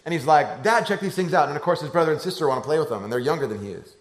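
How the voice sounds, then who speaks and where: In an echoing room, a pastor delivers a racing sermon, recounting a family story as he swings from quiet, low passages to loud, animated bursts.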